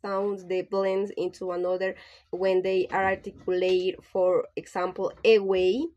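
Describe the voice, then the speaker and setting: A woman teaching pronunciation, reading lesson points aloud in a halting way, with frequent pauses and filler sounds. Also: fairly low pitch, monotone, a little mellow, lo-fi sound. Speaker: English teacher.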